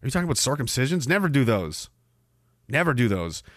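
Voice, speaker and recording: A man's voice: mid-range voice, very animated, quick pace, a bit bright, no room sound. A man hosting a podcast, reading out comments in a sarcastic, profane, rambling way. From Canada. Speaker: podcast host. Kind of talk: casual livestream chat reading comments.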